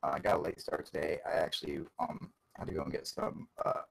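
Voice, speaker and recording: Gravelly, deep-voiced male livestream host. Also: huge pitch swings, fast talker. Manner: loose, profane, chuckling, greets viewers by name. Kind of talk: casual live-stream chat.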